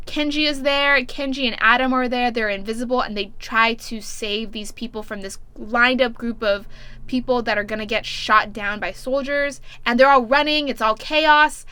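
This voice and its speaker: Bright, animated woman recapping a book. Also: fairly high pitch, moderate pace, clear, resonant tone, dry recording. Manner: animated, profane and exasperated. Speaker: book reviewer. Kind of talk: casual plot recap.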